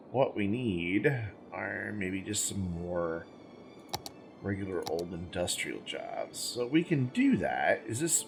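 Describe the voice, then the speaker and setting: A man hosting a gaming channel, giving casual let's-play commentary as he plays, thinking aloud, rambling and correcting himself, with the hiccups. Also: on the low side.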